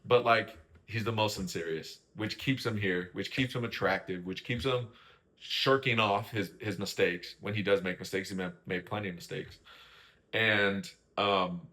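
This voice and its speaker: A man's voice: lowish voice, moderate pace, sharp tone. A young man hosting a casual reality-show recap, chatty, often asking "right?" and acting out what people said. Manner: chatty, keeps asking "right?" and "you know what I mean?", acts out quoted lines. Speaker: host.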